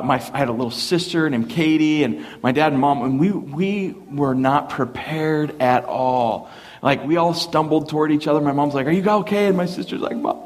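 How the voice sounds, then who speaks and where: A middle-aged man preaching a storytelling sermon, acting out family members in raised voices, in a church hall with an audience. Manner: animated, acts out family members in higher voices. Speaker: pastor.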